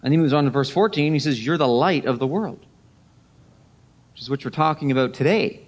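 A man preaching a Sunday sermon, emphatic, repeating key phrases and dropping to a hush for effect. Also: fairly high pitch, brisk. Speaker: pastor.

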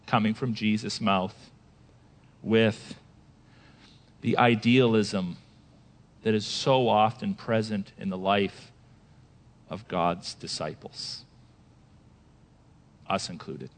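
A man preaching a sermon as pastor, animated, asking his listeners questions and acting out quoted voices. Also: on the low side, takes it slowly, pauses often.

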